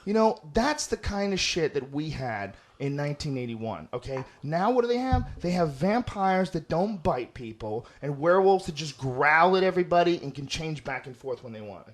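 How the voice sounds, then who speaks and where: A man's voice: a little high, sing-song, normal speed, few pauses. A man hosting a podcast, ranting in an emphatic, profane way during casual chat. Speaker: podcast host.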